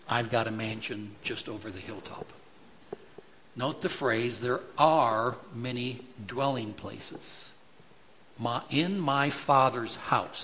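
A man's voice: mid-range voice, a bit bright, slight background noise, poor audio. A man preaching a sermon emphatically, asking the congregation rhetorical questions. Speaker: pastor.

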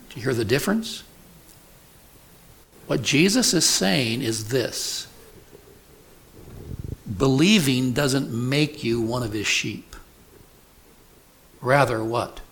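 A man preaching an expository sermon at an unhurried, measured pace. His voice sits at an ordinary middle pitch. He leans on key words and keeps asking the congregation rhetorical questions. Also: animated, gravelly, fairly bright tone, slight background noise. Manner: deliberate, emphatic, asks the congregation rhetorical questions.

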